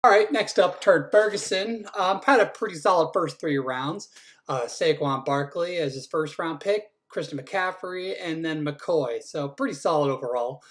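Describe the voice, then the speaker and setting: Going team by team through the draft, a fantasy football league commissioner teases each squad's picks in a relaxed way and cusses occasionally. He's a man with a slightly high, a bit bright voice at normal speed.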